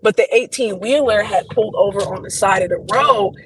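A young adult woman, a podcast guest, telling a story in an animated, profane, slangy way. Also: medium pitch, a little fast, creaky, a little hiss or hum, poor audio. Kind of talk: casual storytelling chat.

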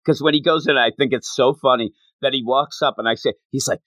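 A man's voice: medium pitch, fairly quick, no echo. Guy chatting about comics, laughs a lot, dry close sound. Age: adult. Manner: animated, laughs often, acts out quotes. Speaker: podcast co-host. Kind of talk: casual manga discussion.

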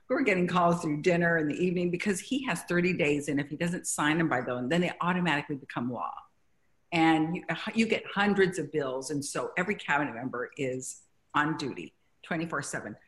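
A middle-aged woman from Mexico, a guest in an interview, telling stories with halting restarts. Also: deep voice. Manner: warm storytelling, grows emotional, halting restarts. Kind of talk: conversational interview.

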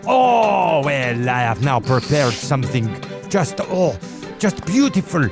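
A man's voice: fairly high pitch, big pitch swings, slow, gravelly, music in the background, full character voice. A man doing a gushing boastful baker. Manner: gushing, over-the-top. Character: boastful male TV contest baker.

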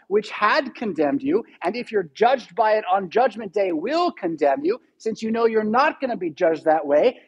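A man's voice: high-pitched, breathy edge, poor audio. A male pastor giving a sermon in a church, teaching steadily and stressing key words. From United States.

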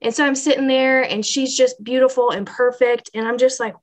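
Female podcast guest with a slightly high voice, earnest and animated, heartfelt storytelling. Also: a little fast, hardly any pauses. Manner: animated, earnest, lots of "like" and "you know". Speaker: pregnancy center manager, podcast guest. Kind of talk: emotional personal storytelling on a podcast.

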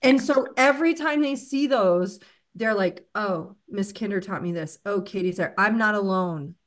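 A woman's voice: medium pitch, moderate pace. Earnest woman podcast host. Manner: earnest and affirming, speaks directly to the guest. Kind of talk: casual interview conversation.

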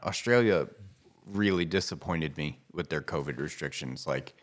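A man co-hosts a podcast in loose, casual chat. He is blunt, profane and laid-back, and his voice is very low. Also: moderate pace. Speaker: podcast co-host.

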